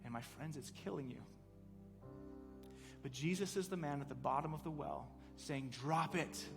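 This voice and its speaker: A man's voice: mid-range voice, moderate pace, vocal fry, over music. Earnest man preaching in a reverberant hall. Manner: earnest storytelling, builds to fervent emphasis. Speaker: pastor. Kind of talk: sermon.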